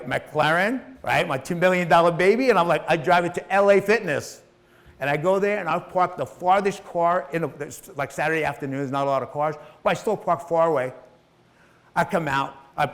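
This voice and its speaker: A middle-aged man telling his own life story in a motivational talk, swearing freely and acting out the people in it. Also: on the high side. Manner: emotional, profane, acts out voices in his story.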